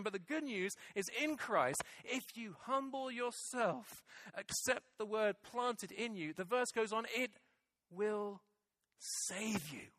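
A man's voice: very high-pitched, bright, forceful tone, no room sound. A middle-aged male pastor preaching a sermon, emphatic and repeating key phrases for weight. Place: church hall with congregation.

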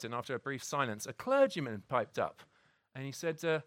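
A man's voice: medium pitch, fast, a bit bright, no room sound. A man preaching a conversational sermon, full of restarts and tag questions like "isn't it?". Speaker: pastor.

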